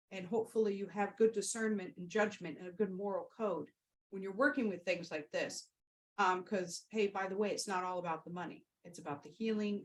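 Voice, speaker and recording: A woman's voice: fairly low pitch, low-quality recording. A woman Reiki practitioner hosting a podcast, telling a session story and answering questions in a rambling, heartfelt way, with many fillers and restarts. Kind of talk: casual storytelling and Q&A.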